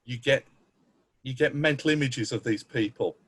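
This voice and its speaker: A man in a panel discussion talks in a halting, restarting way as he shares his tips. His voice sits at an ordinary middle pitch. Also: a bit bright, husky. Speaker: panelist, game master.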